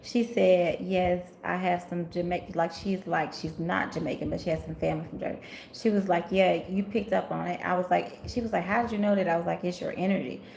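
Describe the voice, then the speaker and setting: A woman from Memphis reads tarot cards on a live stream, chatting easily with her viewers and calling them honey. Her voice sits a little low and carries a gravelly edge. The sound has a roomy echo and a faint hum of ambient noise behind it. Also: fairly even intonation, brisk, a little mellow. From Memphis, Tennessee. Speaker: tarot reader on livestream. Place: rental house, indoors.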